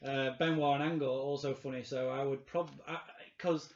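A man with a Yorkshire accent co-hosting a casual chat, halting and opinionated, often restarting. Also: mid-range voice, fairly even intonation. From England. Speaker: podcast co-host. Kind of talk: casual chat reviewing wrestling. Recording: roomy, slightly dull sound.

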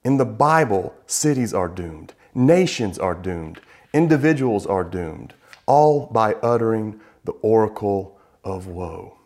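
A man preaching a sermon, emphatic, slowing down to stress key words. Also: lowish voice, animated, a little mellow.

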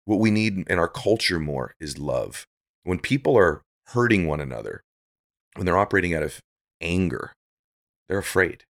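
A man's voice: low voice, expressive, normal speed, fairly bright tone. A middle-aged man speaking as a podcast guest, giving earnest, preachy motivational talk that builds to emphatic peaks.

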